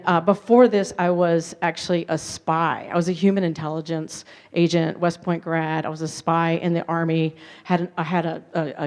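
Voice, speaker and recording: A woman's voice: lowish voice, darkish tone. A woman giving a conference keynote, telling her story candidly with self-deprecating asides. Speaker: keynote speaker. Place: conference hall.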